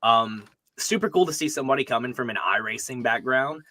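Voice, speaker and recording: A man chatting casually as a podcast co-host, relaxed and full of "um"s. His voice is bright and sits close and dry on the mic. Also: medium pitch, brisk, no echo. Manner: laid-back, many fillers. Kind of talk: casual chat.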